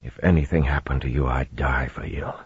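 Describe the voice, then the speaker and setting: A man playing a gruff, blunt young husband who talks in an earnest growl, on a dull lo-fi audiobook recording. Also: a bass voice, steady tone, fairly quick, dry recording, voice pushed down, heavily acted. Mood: urgent.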